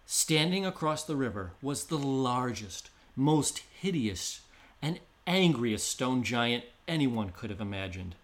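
A man narrates a traditional storybook tale in a measured, descriptive way. His voice sits at an ordinary middle pitch. He takes each line steadily. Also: very animated.

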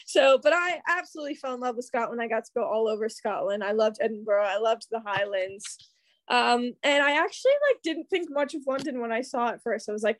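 A young woman with an American accent chats casually as a podcast guest. Her voice sits fairly high, and she leans on "like" and "um" as she talks. The sound is dry and close. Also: brisk, dry recording. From Kansas City, USA. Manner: chatty, many fillers like "like" and "um". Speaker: guest, secondary English teacher. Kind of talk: casual chat.

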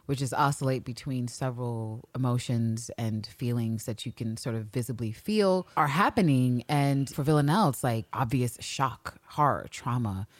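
A woman co-hosting a podcast, recapping a TV episode in casual, animated chat, swearing freely and acting out characters' lines. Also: a bass voice, moderate pace, few pauses, no room sound. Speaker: podcast co-host.

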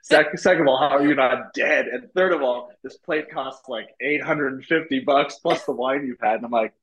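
A young man from Canada telling casual stories as a podcast guest, animated and swearing freely, acting out what people said. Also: medium pitch, normal speed, highs cut off. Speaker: podcast guest, former reality show lead. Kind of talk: casual storytelling.

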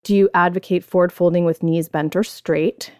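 A woman's voice: fairly low pitch, fairly even intonation, normal speed, a little mellow, no echo, clean studio sound. A woman hosting a podcast, chatting casually and reading out listener questions in a friendly way. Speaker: podcast host.

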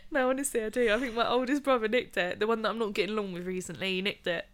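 A woman's voice: a little high, steady tone, rapid-fire. A woman in casual chat as podcast co-host, laughing often and swearing casually.

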